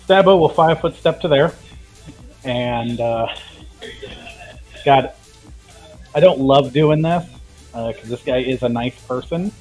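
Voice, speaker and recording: A man's voice: medium pitch, slow, pauses often, darkish tone, rough recording. Guy playing a tabletop rpg, firm and intense, faint music behind. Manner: intense, decisive, in-character threats. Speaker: player.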